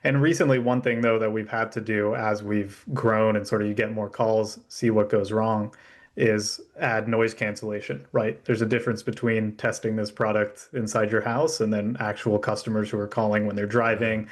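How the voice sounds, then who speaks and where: A man who is a guest on a podcast, explaining his business in a relaxed, easygoing way and laughing easily. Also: on the low side, normal speed. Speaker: guest, company founder. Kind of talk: casual interview chat.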